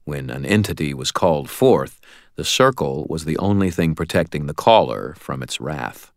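Deep-voiced male audiobook narrator. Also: big pitch swings, moderate pace, dry recording, clean studio sound. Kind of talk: first-person novel narration.

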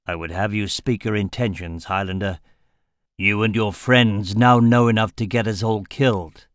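A man voicing a shrewd older merchant who speaks in a slow, measured, calculating way. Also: on the low side, fairly even intonation, no echo, studio quality, lightly acted. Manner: slow, deliberate.

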